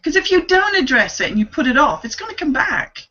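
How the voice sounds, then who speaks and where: A woman, co-hosting a casual online chat, animated and laughing often as she acts out voices. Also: high-pitched, a little fast, lo-fi sound. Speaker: co-host.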